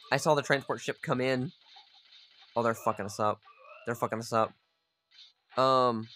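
A man thinks aloud while he plays a strategy game, in a mid-pitched voice that sits in the middle of the usual range. He chats casually, swears freely and talks straight to his units. Faint game music plays underneath. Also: fairly even intonation, fairly quick, long pauses, sharp tone. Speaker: gamer playing a strategy game. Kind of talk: casual gameplay commentary.

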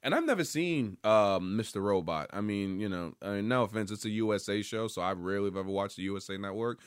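A man hosting a podcast, giving casual, rambling pop-culture commentary full of swearing and sudden bursts of excitement. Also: on the low side, quick pace, clear, resonant tone, no echo, clean studio sound. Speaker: podcast host.

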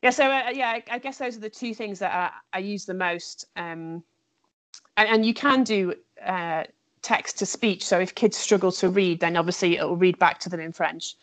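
A woman French teacher with a medium-pitched voice chats enthusiastically at a moderate pace in casual conversation. She uses lots of fillers and restarts, and the recording has no room sound.

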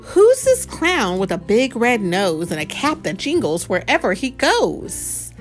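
A woman reading a picture book aloud to a child at home, slowing down for the story lines and chatting about the pictures in between. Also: medium pitch, soft background music. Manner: animated, slows down for the read-out lines and chats about the pictures.

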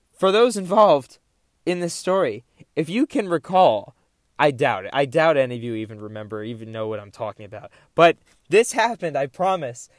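Young guy rambling thru a story on his podcast, kinda high voice, dead dry sound. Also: dry recording. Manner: animated, rambling, self-interrupting. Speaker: podcast host. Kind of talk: casual solo storytelling.

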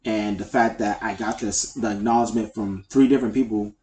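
A man's voice: fairly low pitch, steady tone, brisk, darkish tone, slight background noise. A man co-hosting a podcast in casual chat, speaking in a heartfelt, rambling way with lots of fillers. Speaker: podcast co-host. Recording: echoey room.

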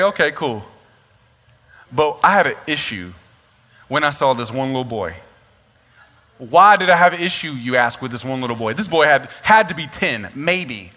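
A young male pastor preaching in a big reverberant hall, his story full of comic asides and bursts of feeling. His voice sits high and bright, and it swings up and down in pitch as the telling goes on. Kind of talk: sermon. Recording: long reverb of a large hall.

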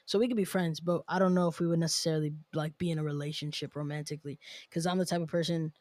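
A woman's voice: low-pitched, fairly even intonation, fast, darkish tone, dry recording. A woman hosting a podcast, chatting casually and animatedly, laughing often as she talks. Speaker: podcast host.

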